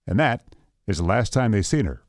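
A man's voice: fairly low pitch, a little fast, no echo, clean studio sound. A man reading the morning radio news as anchor, playful, with a bit of rhyme. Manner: lively, playful delivery with rhymes.

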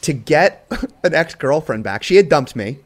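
Male co-host, raised pitch, very animated, teasing storyteller. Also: moderate pace. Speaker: podcast co-host. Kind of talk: casual chat.

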